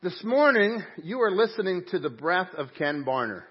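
In a church sanctuary, a pastor with a high-pitched, sing-song, slightly rough voice preaches at a normal speed. He's forceful, drops in folksy asides, and huffs audibly between lines, all captured in dull, muffled audio.

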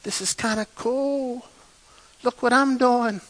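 A man voicing the disciple Peter in a soft, wondering tone. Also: very high-pitched, fairly even intonation, takes it slowly, voice pushed up, exaggerated voice, low-quality recording. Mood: amazed. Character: awed, then frightened disciple Peter on the water.

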